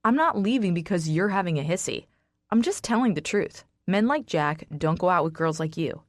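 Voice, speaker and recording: A woman's voice: on the low side, expressive, normal speed, no echo, studio quality. A woman voicing a crude, blunt teenage boy. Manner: curses bluntly, teasing.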